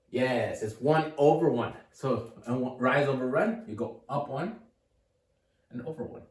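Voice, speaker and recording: A man's voice: mid-range voice, a little mellow. A man giving a casual, upbeat math lesson at a board, thinking aloud and encouraging the viewer. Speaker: math tutor. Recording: echoey room, mic at a distance.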